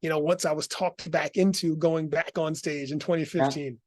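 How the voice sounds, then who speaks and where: A middle-aged man as an interview guest, telling his story in an animated, laughing way. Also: a little high, normal speed, no echo.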